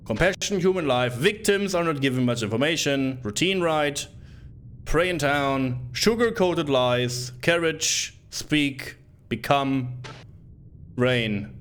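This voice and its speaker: A man's voice: medium pitch, a bit bright, slight background noise. A man streaming a retro game, reading the on-screen text aloud and cracking joking asides in casual commentary.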